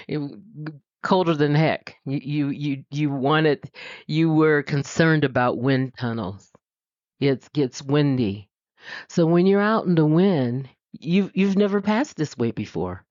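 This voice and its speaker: Middle-aged woman preacher, chatty and animated, mid pitch, dry dull lo-fi sound. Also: slow pace, no echo. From US West Coast. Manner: animated, puts on high voices for quotes, laughs often. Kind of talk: conversational sermon.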